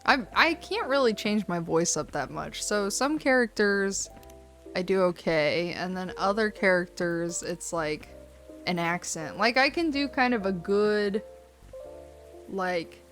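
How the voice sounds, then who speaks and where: A woman's voice: medium pitch, lively intonation, measured pace, fairly bright tone, soft background music. A woman casually commenting while streaming a cozy game, rambling and self-deprecating. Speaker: let's play streamer.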